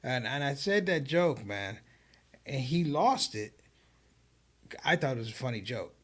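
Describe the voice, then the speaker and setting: A man who is a comedian, a guest on a live online show, telling stories in an animated way and quoting others in a raised voice. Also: mid-range voice, measured pace. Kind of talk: livestream conversation.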